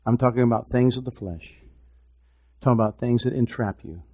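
A man preaching a sermon, swinging from hushed, repeated words to loud, impassioned exhortation. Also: mid-range voice, moderate pace, dull audio. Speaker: pastor.

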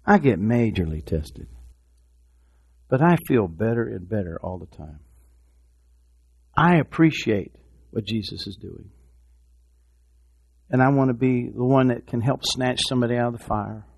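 A man preaching a sermon, swinging from hushed, repeated words to loud, impassioned exhortation. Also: medium pitch, lively intonation, unhurried, gravelly, long pauses. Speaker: pastor.

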